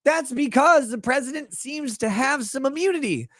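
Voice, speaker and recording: Sarcastic, profane man with a high voice. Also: moderate pace, fairly bright tone, no room sound, clean studio sound. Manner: sarcastic, profane, mocking asides. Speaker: legal commentary show host. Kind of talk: casual commentary reading news aloud.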